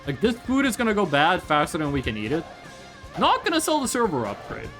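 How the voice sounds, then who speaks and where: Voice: mid-range voice, huge pitch swings, fairly quick, a bit bright, soft background music. A streamer chatting casually and rambling over gameplay, swearing freely and jumping between topics.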